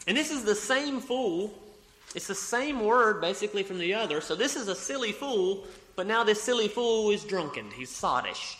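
A man's voice: high-pitched, expressive, normal speed, a bit bright. Man, pastor, sermon, repeats himself, echoey church hall. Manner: repeats phrases, reads scripture aloud, corrects himself mid-sentence. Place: church sanctuary.

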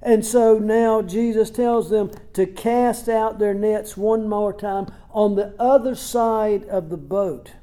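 A man's voice: sits high, slow, hardly any pauses, dark tone. A man preaching a sermon in a plain, conversational way, asking rhetorical questions and retelling scripture in everyday words. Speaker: pastor. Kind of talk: expository sermon.

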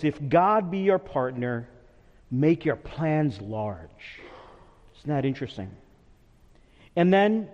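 A man in his pulpit delivering a slow, deliberate sermon, his voice sitting a little high for a man. It is recorded in a church with a long, lingering reverb. The sound is dull and lo-fi. He is earnest and unhurried, growing quiet and soft in prayer. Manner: earnest, measured, drops softly for prayer and memories. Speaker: pastor. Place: church sanctuary.

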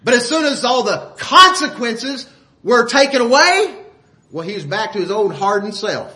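A man preaching a sermon in a folksy way, asking the listeners rhetorical questions and often clearing his throat. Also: extremely high pitch, very animated, unhurried, pushed and bright.

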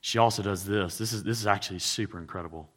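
A man preaching a sermon as a pastor, swinging between loud emphasis and hushed intensity. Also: fairly low pitch, fast talker, long reverb tail.

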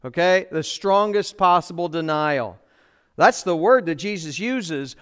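A middle-aged male pastor preaches in a church, his voice set high for a man and smooth, resonant and clear. He presses his points with emphatic repetition and rhetorical questions to the congregation. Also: lively intonation, measured pace, a bit bright. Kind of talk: sermon. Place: church sanctuary.

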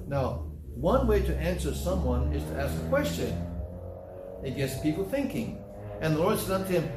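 Older pastor man preaching hard, kinda high voice, echoey hall, mic far off. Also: animated, brisk, slight background noise. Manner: emphatic preaching, quoting scripture in old English. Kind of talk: sermon. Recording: echoey room from a distance, faint ambience.

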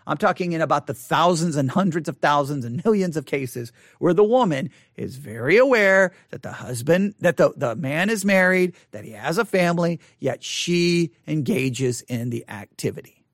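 Emphatic high-voiced man teaching Bible study. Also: lively intonation, moderate pace, dry recording, clean studio sound. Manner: emphatic, repeats points, talks to listeners directly; acts out imagined voices in quotes.

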